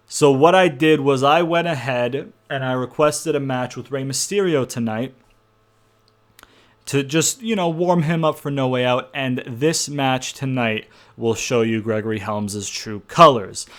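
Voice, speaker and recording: A man's voice: mid-range voice, a little slow. Rambling young man narrating game storylines. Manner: rambling, filler-heavy, profane. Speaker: video game channel host.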